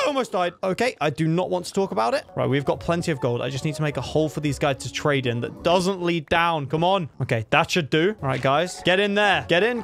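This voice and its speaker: An excitable man narrates his own gameplay as it happens, his slightly high voice swooping wildly up and down. He talks to himself, begs the game's creatures, and yelps at close calls, with faint music playing underneath. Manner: excitable, talks to himself and to game mobs, pleading and yelping. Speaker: gaming video creator. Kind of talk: live gameplay commentary.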